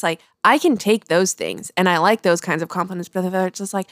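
A woman's voice: lowish voice, a little fast, fairly bright tone, no echo, studio quality. A young woman co-hosting a podcast, chatting candidly and laughing often. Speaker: podcast co-host. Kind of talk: casual chat.

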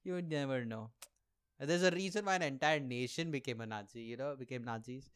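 A man's voice: mid-range voice, a little fast, a bit bright, clear, resonant tone. A young man hosting a podcast, doing a rambling, sarcastic comic monologue and laughing at his own jokes. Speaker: podcast host and aspiring comedian.

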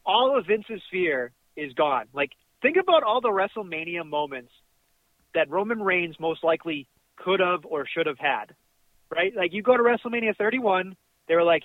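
A man co-hosting a wrestling podcast in casual chat, ranting excitably with profanity, calling in from his car. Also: high voice, moderate pace, no echo. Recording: tinny dry phone line.

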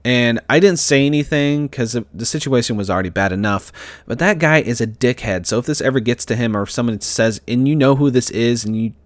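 A man's voice: mid-range voice, a little fast, dry recording. A young man candidly telling a personal story in casual vlog style, emotional and swearing freely.

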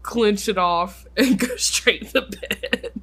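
A young adult podcast co-host telling stories in a casual chat, full of filler "likes" and sudden quick bursts. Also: mid-range voice, a bit bright.

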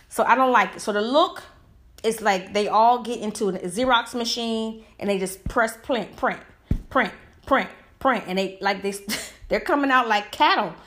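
A woman's voice: fairly high pitch, a bit bright. A woman giving a heated, emphatic opinion monologue full of rhetorical questions. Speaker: commentator.

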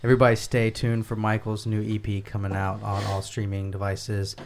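A man's voice: fairly low pitch, monotone, fairly quick. A man hosting a podcast, upbeat and joking as he wraps up and promotes events. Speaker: podcast host. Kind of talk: casual podcast chat.

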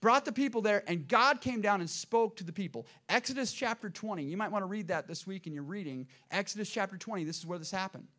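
Pastor, male, high voice, dynamic sermon delivery with loud peaks and quiet drops. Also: fast, few pauses. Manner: dynamic preaching, swings between loud emphasis and hushed lows.

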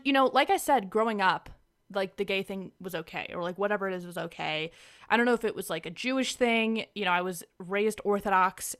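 A woman's voice: medium pitch, a bit bright. A young woman, a guest in an interview, telling personal stories in a chatty way with frequent laughter and lots of "like". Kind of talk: casual storytelling interview.

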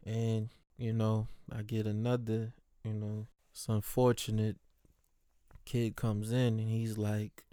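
A man with a lowish voice recounts his day as a postal clerk in a loose, animated way. He swears freely and slips into imitations of customers. His tone is mellow and warm, and the sound is dry and close. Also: takes it slowly, clean tone, dry recording. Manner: animated, swears freely, mimics people he talks about. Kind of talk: casual storytelling about his workday.

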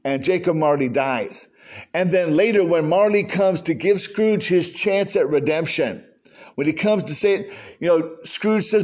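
A man's voice: on the high side, measured pace, darkish tone. An older man preaching a sermon in a conversational storytelling way, acting out quotes. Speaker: pastor.

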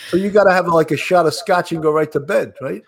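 A man's voice: fairly high pitch, fast, creaky. A man hosting a podcast, chatty and upbeat, often laughing as he thanks his guest. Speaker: podcast host. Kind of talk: casual podcast chat.

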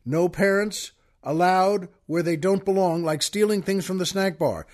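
A man's voice: high-pitched, moderate pace, a little mellow. A man hosting a podcast, telling a long story in a folksy, chatty way and talking straight to his listeners. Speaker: podcast host. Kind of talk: storytelling monologue.

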